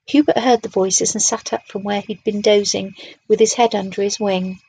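A woman reading a children's storybook aloud in a gentle, unhurried way and talking to her listeners. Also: medium pitch, fairly even intonation, vocal fry, a little hiss or hum, poor audio.

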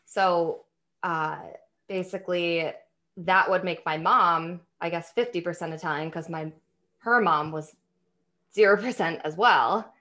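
A woman's voice: on the low side, a little slow, a bit bright. A young woman telling a family story in casual chat, rambling with restarts and frequent laughs. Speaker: podcast guest.

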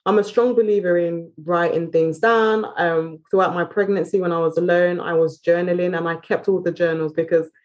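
A British woman speaking as a podcast guest in a candid, casual chat, talking openly and quickly and often restarting her phrases. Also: lowish voice, steady tone, a little mellow, dull audio. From Britain.

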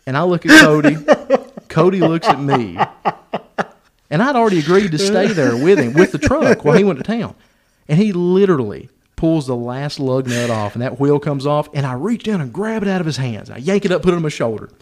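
A podcast host tells a long, rambling, joking story in casual fashion, laughing often and playing up the humor. His voice is fairly high-pitched and animated, and he talks fairly quickly.

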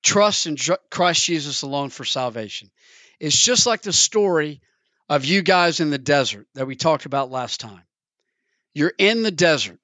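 Man, preacher, earnest storytelling sermon, higher voice, dry sound. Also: animated, normal speed, bright, forceful tone, no echo. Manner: earnest, storytelling, acts out the characters in pitch. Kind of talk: sermon with a told parable.

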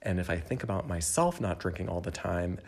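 A young man talks alone into the mic from his home, his voice sitting a little low for a man. He rambles candidly, peppering his thoughts with "like" and "um," and often turns to speak directly to whoever is listening. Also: lively intonation, a little fast, darkish tone. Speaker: podcast host. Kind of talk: casual solo reflection.

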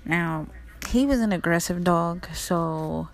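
A woman's voice: on the low side, normal speed. A young woman of Mexican-American background talking through a casual, reflective monologue, chatty and loose, often saying "like" and swearing now and then. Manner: chatty, frequent "like", laughs and swears.

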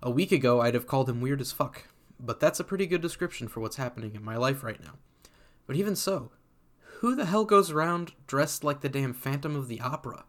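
A man's voice: medium pitch, expressive, a little fast. A man reading a first-person story aloud in a casual, sardonic voice that swears freely. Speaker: community reader.

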